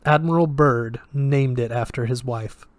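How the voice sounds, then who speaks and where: A man voicing a sardonic male magic professor who speaks in a flat, lecturing way with a Russian accent. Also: mid-range voice, a little slow, no echo, close to an everyday voice.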